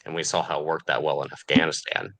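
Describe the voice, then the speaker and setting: A man's voice: rumbling low, level tone, fast talker, a bit bright. A man delivering an angry, profane podcast rant, sneering and furious. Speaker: podcast host.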